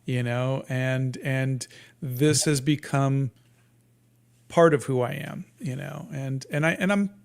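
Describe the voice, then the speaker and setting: A man in his fifties, a guest cartoonist talking casually in an interview, in a soft, sleepy-sounding voice with many halting restarts and fillers. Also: medium pitch, gravelly. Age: 50s.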